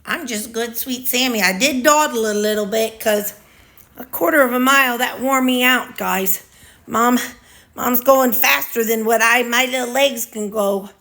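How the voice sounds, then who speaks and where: A woman's voice: on the high side, a little slow, pushed and bright, pitched above the performer's own voice. A woman voicing a sweet, small male dog who is proud of himself and tires easily, talking in simple, childlike baby talk.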